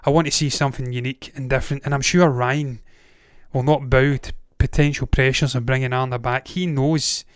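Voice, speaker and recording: A man's voice: medium pitch, steady tone, fairly quick, smooth, no room sound, clean studio sound. A Glaswegian-accented Scottish man hosting a movie news show, ranting casually with blunt swearing and frequent digressions. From Scotland. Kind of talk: casual opinionated commentary.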